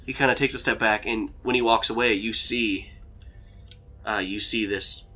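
A man's voice: on the low side, steady tone, moderate pace, sharp tone, slight background noise. A man narrating a tabletop game as game master, rambling and laughing with casual swearing.

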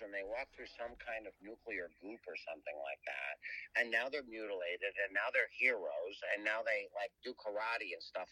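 A man being interviewed as a guest cartoonist, telling stories casually, animated and rambling with many restarts. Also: fairly low pitch, no room sound, rough recording. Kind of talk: casual storytelling.

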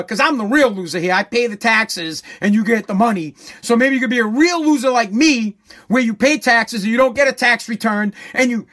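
A man's voice: very high voice, a bit bright. A man ranting in a profane, sarcastic, indignant way. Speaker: ranter. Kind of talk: profane comedic rant.

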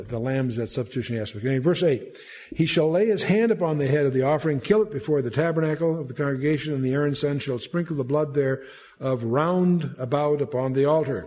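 A man's voice: mid-range voice, darkish tone. An older man teaching a Bible study, reading scripture aloud and then explaining it with frequent restarts and filler words. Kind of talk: verse-by-verse Bible study lecture.

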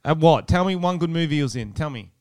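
A man's voice: fairly high pitch, lively intonation, quick pace, darkish tone, no room sound, studio quality. A man co-hosting a podcast, chatting casually and ranting bluntly with lots of swearing. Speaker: podcast co-host. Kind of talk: casual chat.

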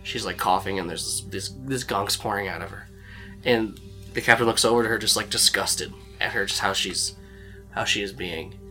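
A man's voice: on the low side, moderate pace, bright, forceful tone, faint music behind. A man narrating a tabletop role-playing game as game master, in a loose storytelling way with lots of fillers.

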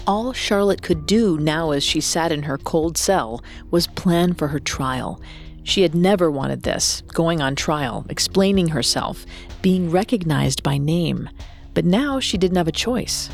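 Low-voiced woman narrating true crime. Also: lively intonation, unhurried, gravelly, faint music behind. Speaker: podcast co-host narrator.

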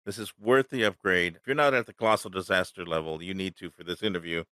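A male podcast host chats in a relaxed, upbeat way. His voice is a touch low. The mic sound is dry and close. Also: quick pace, clean tone, no echo. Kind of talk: casual podcast chat.

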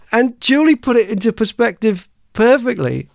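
A man's voice: extremely high pitch, very animated, a little slow, vocal fry, darkish tone, dry recording. Guy hosting a podcast, rambly storyteller, lots of restarts, dry close sound. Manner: rambling anecdotes with frequent restarts and laughs. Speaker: podcast host. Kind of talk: casual chat, personal storytelling.

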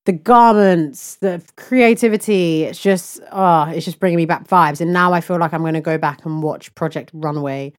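A woman's voice: lowish voice, moderate pace, hardly any pauses. A young woman co-hosting a podcast in casual chat, talkative, laughing often and stretching words for emphasis. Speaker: podcast co-host.

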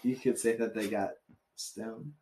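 A man's voice: on the low side, steady tone, unhurried, mellow, slight background noise. Rambling, swearing male podcast host. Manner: rambling, many fillers, swears. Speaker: podcast host reading historical dates. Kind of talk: casual chat.

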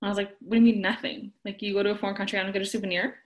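A woman chatting casually, telling a story in an animated way, acting out quotes and laughing often. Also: medium pitch, racing. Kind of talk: casual chat.

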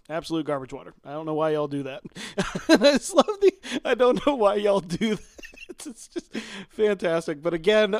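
A man's voice: a little high, clean tone, dry recording, clean studio sound. A man co-hosting a casual podcast chat, retelling TV scenes with frequent laughter. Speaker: podcast co-host. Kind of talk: casual chat about a TV show.

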